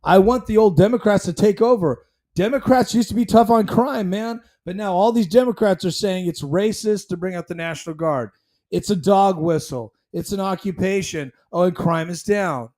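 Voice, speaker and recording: Speaking at normal speed in a high but darkish voice, this show host runs a casual commentary stream of his own. His delivery is blunt and heated, full of fillers and false starts as he rambles.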